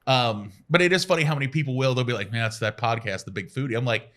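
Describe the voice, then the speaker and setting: A man in his forties appears as a radio guest, chatting casually and telling self-deprecating stories. He speaks quickly with a fairly bright tone, jumping up in pitch whenever he acts out a quote.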